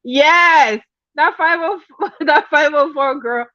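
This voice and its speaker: High-voiced woman chatting on a livestream. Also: takes it slowly, pushed and bright, no echo, muffled recording. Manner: chatty, laughs often, greets viewers by name. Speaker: livestream host. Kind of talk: casual livestream gossip chat.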